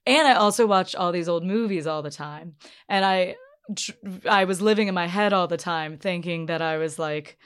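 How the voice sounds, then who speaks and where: A woman's voice: fairly low pitch, moderate pace, smooth. A young woman from North Carolina with an unplaceable, faintly Mid-Atlantic accent, talking casually and wryly as a podcast host, laughing often. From North Carolina, USA. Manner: chatty, laughs often, wry. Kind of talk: casual interview.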